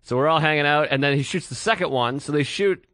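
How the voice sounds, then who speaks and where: A man co-hosting a podcast, telling stories in casual chat, animated and swearing freely as he acts out what people said. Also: a little high, fast, dry recording, clean studio sound. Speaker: podcast co-host.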